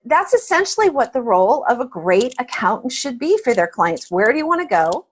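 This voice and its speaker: A woman with a fairly high voice, talking as a guest in an interview. Her delivery is animated and conversational, and she often repeats a word or two as she works into her point. She explains things by telling a story. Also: a little fast, breathy edge. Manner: animated, repeats words when starting a thought.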